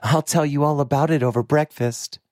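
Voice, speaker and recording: A man voicing a confident, teasing young noblewoman, raising his voice high for her. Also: normal speed, darkish tone, no echo, clean studio sound, lightly acted. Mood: playful.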